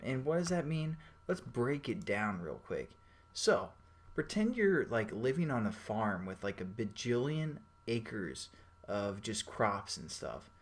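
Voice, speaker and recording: A young man giving a casual programming tutorial, chatty and rambling, with slangy everyday analogies. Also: mid-range voice. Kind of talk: casual screen-recorded coding tutorial.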